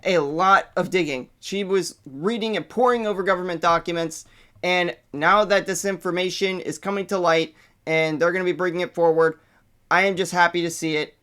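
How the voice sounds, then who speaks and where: A man hosting his own channel, ranting in an excitable, profane way that swings between hype and anger. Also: high voice, moderate pace, clean tone. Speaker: channel host. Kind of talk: casual vlog rant.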